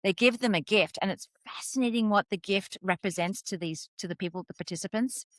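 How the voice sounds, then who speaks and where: A woman's voice: mid-range voice, a little fast, dry recording. A woman from Australia with an Australian accent, a life coach guest chatting and laughing easily. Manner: warm and laughing. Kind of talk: casual interview chat.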